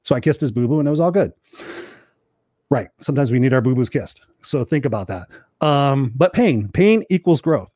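A man's voice: medium pitch, lively intonation, moderate pace, warm tone, no echo, studio quality. A middle-aged man hosting a motivational talk show, speaking emphatically and repeating his key points for viewers. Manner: emphatic, repetitive, acts out quoted voices.

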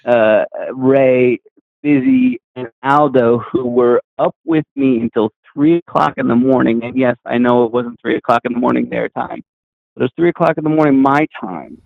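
A man's voice: medium pitch, animated, moderate pace, vocal fry, no echo. A male caller on a phone line, talking effusively and gratefully to the hosts. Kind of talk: call-in chat.

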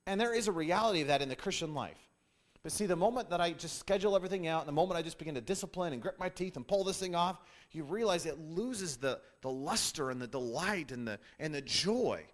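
A man's voice: on the high side, lively intonation, fast talker. A man teaching a sermon-style Bible lesson, emphatic and repetitive, often restarting phrases.

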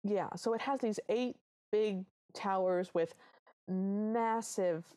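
A woman co-hosting a podcast, recapping a film in animated casual chat. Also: mid-range voice, takes it slowly. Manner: animated storytelling. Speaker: podcast co-host.

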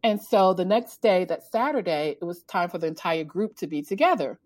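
A woman guest in a casual interview, animated, telling her story and laughing often. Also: a little fast. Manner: animated, laughs often, acts out quotes in a higher voice. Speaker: podcast guest, author and coach.

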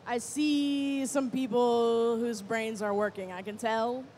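A woman's voice: fairly high pitch, fairly even intonation, slow pace, darkish tone, slight background noise. A woman moderating a live panel, playfully addressing the audience and calling for questions. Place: stage before a live audience.

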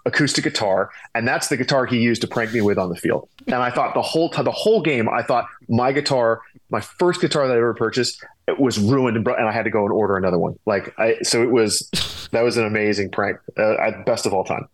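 A man's voice: medium pitch, fast, dry recording, rough recording. Dry-sounding man telling a rambling story. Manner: animated, rambling, frequent restarts. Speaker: guest, former pro baseball player. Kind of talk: casual anecdote telling.

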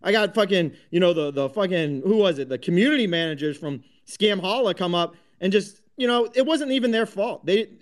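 High-voiced man ranting in an audio room. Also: animated, a little fast, few pauses. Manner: combative, heavy swearing, many restarts. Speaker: host of a crypto talk space. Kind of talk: profane live audio-room rant.

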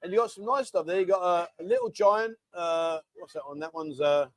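A middle-aged man with a high voice, talking a little fast with no echo, hosts a casual livestream. He chats and reads viewer comments in a matey tone, often calling people mate.

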